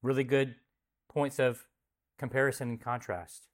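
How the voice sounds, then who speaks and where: A man's voice: mid-range voice, level tone, unhurried. A man as pastor, reading scripture, praying, and then teaching a group in a conversational way, asking questions and repeating answers back to them. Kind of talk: Bible study teaching with prayer.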